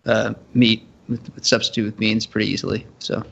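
Laughing podcast co-host on a dull line. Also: male voice, lowish voice, flat delivery, a little fast, vocal fry, fairly bright tone, slightly rough. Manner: laughing, stammering, easygoing. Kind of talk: casual podcast chat.

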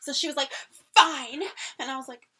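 A woman's voice: high voice, flat delivery, very fast, pushed and bright. A woman co-hosting a casual podcast chat, telling a story animatedly with lots of "like" fillers and acted-out quotes. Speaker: podcast co-host.

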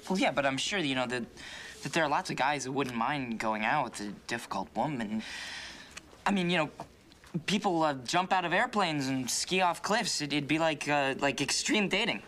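A man's voice: a little high, animated, normal speed, bright, forceful tone, a little hiss or hum. An awkward, stammering teen boy. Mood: eager. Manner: hesitant, stammering, eager. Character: awkward, eager teenage boy with a crush. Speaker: film character.

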